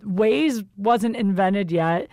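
A woman's voice: medium pitch, extremely slow, a little mellow, dry recording. A young adult woman hosting a podcast, telling a story in casual chat, candid and profane, with lots of fillers. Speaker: podcast host.

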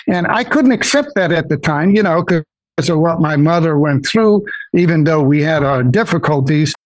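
An older man telling personal stories as a guest in an interview, animated and often acting out the voices of others. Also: on the high side, no room sound, low-quality recording. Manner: animated, acts out quoted voices, many restarts. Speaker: guest investor. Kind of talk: personal storytelling in a podcast interview.

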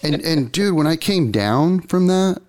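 An older man, a guest, telling a story in a casual, animated way, full of surfer slang and acted-out quotes. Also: fairly high pitch, unhurried.

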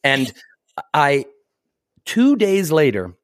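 A man's voice: a little high, sing-song, drawn-out words, no echo. A middle-aged man spins a long anecdote in an easy, chatty way. He laughs often and slips into the voices of the people he quotes. The sound is close and dry, with no room around it. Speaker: actor guest. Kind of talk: casual anecdotal storytelling.

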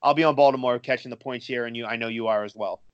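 A man in a mid-range voice gives his football pick on a sports betting show, measured and filler-prone. The sound is dry and a little dull, close on the mic. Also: medium pitch, steady tone, smooth, no echo. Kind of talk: casual sports betting talk.

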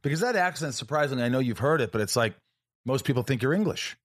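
A man's voice: mid-range voice, expressive, fast talker, no room sound, studio quality. A man hosting a casual interview, asking questions with playful jokes. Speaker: podcast host.

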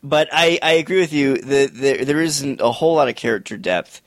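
A man's voice: mid-range voice, expressive, a little fast, no echo. A man co-hosting a casual movie review chat, defending the film emphatically and often tagging on "okay?". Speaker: podcast co-host.

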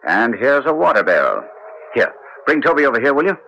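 An actor playing Sherlock Holmes, a brisk, commanding, clever detective with a crisp lecturing manner, in 1940s radio acting style. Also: male voice, mid-range voice, very animated, sharp tone, lo-fi sound, a little hiss or hum, exaggerated voice. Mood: eager.

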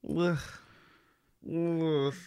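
A man's voice: fairly high pitch, little pitch movement, extremely slow, warm tone, clear, resonant tone. A man voicing a groggy, grumbling male doctor character in a tabletop game.

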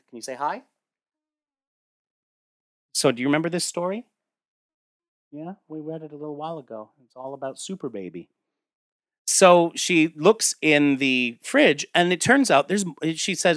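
A man's voice: medium pitch, expressive, moderate pace, pauses often, fairly bright tone, dry recording, studio quality. A man casually retelling a comic story aloud at home, rambling with asides and fillers, now and then talking to a child.

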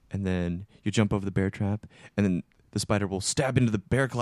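A man on a gaming podcast, telling a game story in an animated way, with lots of swearing and acted-out reactions. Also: sits low, fast talker, no echo. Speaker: podcast co-host. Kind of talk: casual gaming chat.

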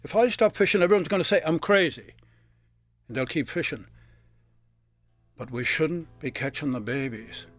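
A man voicing a gruff, friendly older Newfoundland fisherman who talks bluntly and keeps calling people boy. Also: on the high side, moderate pace, long pauses, no room sound, faint music behind, natural voice. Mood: earnest. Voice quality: blunt, folksy, calls everyone boy. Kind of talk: live storytelling performance.

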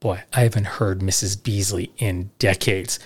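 A man's voice: on the low side, steady tone, moderate pace, slightly rough. A middle-aged man hosting a podcast, reading old letters aloud and adding chatty, dry, sarcastic asides. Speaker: podcast host.

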